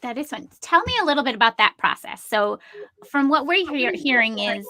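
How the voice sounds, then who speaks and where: This is a woman co-hosting a casual online interview, chatty and encouraging. Her voice is bright and a little high, and the sound is dry and close. Her questions wander, with fillers along the way. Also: expressive, brisk, no echo. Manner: chatty and upbeat, asks rambling questions with fillers. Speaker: interview co-host.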